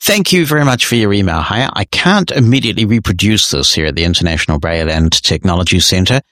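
A man with a fairly low voice hosts a podcast and works through listener emails. He answers in a measured, friendly, explanatory manner. The sound is dry and close, with no room echo. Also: animated, fairly bright tone. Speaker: podcast host.

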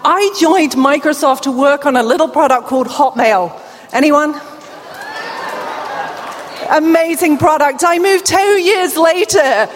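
A woman's voice: high voice, measured pace, pauses often. A woman with a British accent and a deaf accent gives a conference keynote in a large hall, rousing the crowd and talking to the audience directly. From England. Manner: lively, crowd-rousing, warm asides to the audience. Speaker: keynote speaker. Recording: long hall reverb, faint room noise.

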